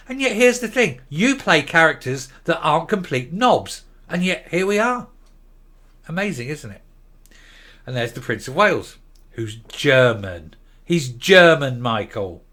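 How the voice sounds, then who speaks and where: A man's voice: on the high side, very animated, moderate pace, bright, forceful tone. An older man hosting an opinion commentary show, talking in a sarcastic, combative and scornful way. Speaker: commentary host.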